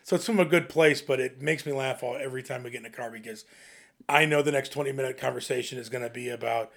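A man's voice: mid-range voice, fast, gravelly. Laughing young man telling stories. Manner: laughing, animated anecdotes with quoted voices. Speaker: podcast co-host. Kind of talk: casual chat, storytelling.

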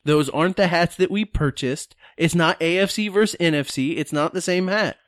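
A man's voice: fairly high pitch, normal speed, dry recording, studio quality. A man co-hosting a podcast, telling a rambling story in casual chat and acting out the quotes. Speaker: podcast co-host.

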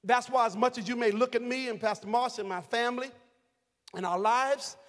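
A man a sermon as pastor, moving from quiet, reflective storytelling to shouted, sing-song calls to his congregation. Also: very high-pitched, brisk. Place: large church sanctuary. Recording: long hall reverb.

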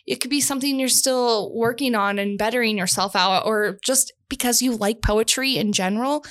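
A woman's voice: fairly high pitch, moderate pace, fairly bright tone. Bubbly, giggly woman podcast host. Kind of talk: casual chat.

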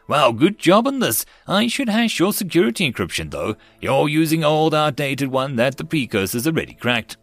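A man voicing a small, eager AI war program with a high little voice and a cheery, talkative manner. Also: sing-song, moderate pace, hardly any pauses, dry recording. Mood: chirpy.

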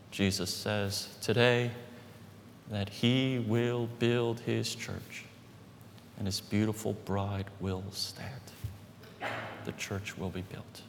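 A man's voice: lowish voice, steady tone, creaky. Emphatic male pastor in a hall. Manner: emphatic, repeats phrases, slows for key words. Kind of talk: sermon. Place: church hall. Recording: reverberant hall with faint background noise.

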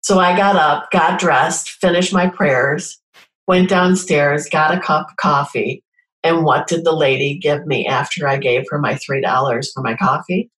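A middle-aged woman with a deep, low voice tells personal stories earnestly and plays out the dialogue as she goes. The recording carries a lot of room echo. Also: steady tone, unhurried, a bit bright. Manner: earnest storytelling, acts out quoted dialogue. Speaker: guest sharing personal stories. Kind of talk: casual conversation.

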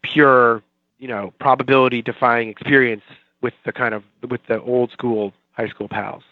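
A man's voice: medium pitch, little pitch movement, normal speed, dry recording. A chatty man in his forties from the Boston area, talking as a guest in a loose, rambling, self-mocking way. His voice is dry and close, but the sound is dull and muffled like a remote call. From Boston area, Watertown. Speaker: guest, TV writer. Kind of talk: casual interview chat.

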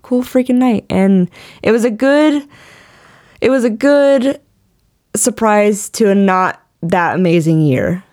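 A woman's voice: medium pitch, takes it slowly, a little mellow. Woman podcast co-host, mid-range voice, giggly and gushing in easy chat. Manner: laughs often, gushing, trails off and restarts, swears casually. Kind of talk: casual chat.

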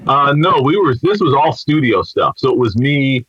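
A man who is a guest musician, telling a joke in a lively, animated way. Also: medium pitch, moderate pace, breathy edge, no echo. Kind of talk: casual conversation and joke-telling. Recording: dry, slightly dull audio.

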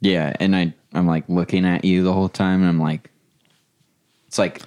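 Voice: deep voice, level tone, normal speed, darkish tone, clean tone. A podcast co-host chatting casually, rambling with many fillers. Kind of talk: casual banter.

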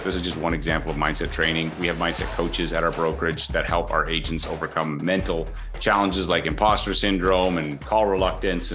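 A man hosting a training podcast, speaking earnestly and encouragingly to his listeners as a mortgage brokerage trainer. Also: sits low. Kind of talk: motivational training talk.

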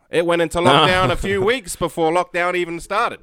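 A man's voice: sits high, brisk, fairly bright tone, clean tone, no echo. A man who teases dryly and laughs often in casual podcast chat. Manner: dry teasing, laughs often.

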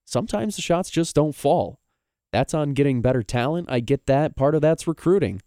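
A man's voice: on the high side, animated, normal speed, warm tone, clean tone, no echo, clean studio sound. A man co-hosting a sports radio show, talking casually in long opinionated runs. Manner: opinionated, rambling, argumentative. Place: radio studio.

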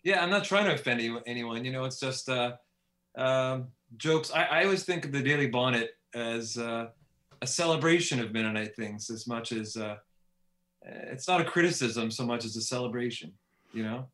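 Speaking at a moderate pace in a mid-range, slightly bright voice, this author from Steinbach, Manitoba, Canada, is a relaxed podcast guest who laughs lightly. The casual interview was captured in a room with noticeable echo.

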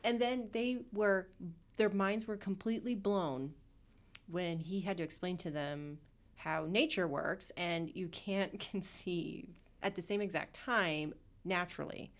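A woman with a somewhat low voice co-hosts a casual podcast. She retells what she watched animatedly, slipping into quoted voices and cursing freely. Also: a little slow. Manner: animated storytelling, swearing, acting out quotes. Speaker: podcast co-host. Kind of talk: casual chat.

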